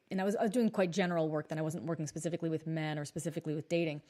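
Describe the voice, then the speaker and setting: A woman in her thirties who coaches and hosts a podcast tells a story in a blunt, animated monologue, swearing for emphasis. Her voice is deep and her delivery rapid-fire.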